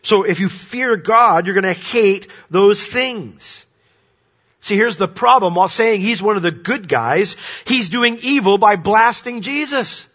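A man preaching a sermon, swinging between loud, emphatic points and quiet, hushed asides. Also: sits high, animated, measured pace. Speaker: pastor. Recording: dull lo-fi sermon recording.

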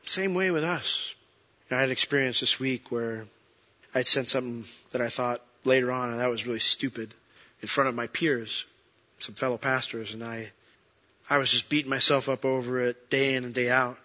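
A man preaching a sermon as a pastor, earnest, swinging between emphatic peaks and soft, quiet moments. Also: medium pitch, steady tone, normal speed, highs cut off.

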